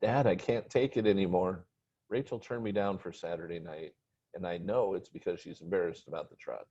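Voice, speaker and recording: A man's voice: low-pitched, brisk, mellow, slightly rough. A man voicing a frustrated sixteen-year-old boy who talks in pleading, whiny complaints. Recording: dull lo-fi recording.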